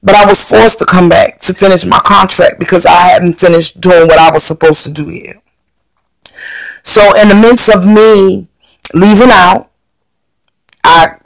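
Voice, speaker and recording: A woman's voice: lowish voice, steady tone, measured pace, vocal fry, no echo, poor audio. A woman earnestly telling viewers a personal story, repeating phrases and speaking to them directly. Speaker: storyteller recounting a near-death experience.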